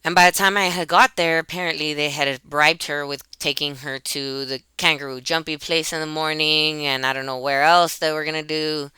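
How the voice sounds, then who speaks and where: Woman venting into her webcam, bright crisp voice. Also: low-pitched, fairly even intonation, moderate pace, hardly any pauses, no room sound. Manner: emotional, rambling, restarts and repeats herself. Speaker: YouTuber. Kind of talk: personal vlog monologue. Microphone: computer webcam.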